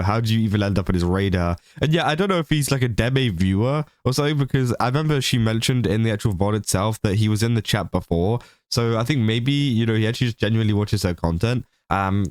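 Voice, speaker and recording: A man's voice: fairly low pitch, darkish tone, dry recording, clean studio sound. A man hosting a casual commentary video, rambling with lots of fillers and small laughs. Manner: rambling, many fillers, laughs between points. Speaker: commentary channel host.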